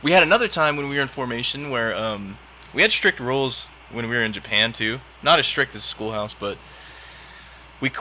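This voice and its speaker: A young man chatting casually on a podcast, telling stories in an animated, profane way and laughing often. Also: medium pitch, fairly quick, a little hiss or hum. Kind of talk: casual chat, storytelling.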